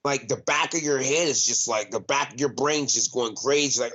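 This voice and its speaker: A young man talks bluntly in a casual interview, swearing freely and leaning on "like" as he restarts his sentences. His voice sits at an ordinary middle pitch. The recording is dull and lo-fi. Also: fairly quick, fairly bright tone. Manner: blunt and profane, heavy use of "like", frequent restarts. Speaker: fighter, interview guest. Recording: dull, lo-fi sound.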